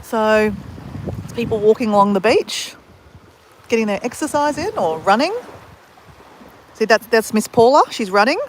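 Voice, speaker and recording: A woman's voice: fairly high pitch, lively intonation, normal speed, pauses often, a little hiss or hum. A woman with an Australian accent hosts a casual live stream from a beach on her handheld phone, chatting with viewers by name and laughing often. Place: outdoors at a beach at sunrise.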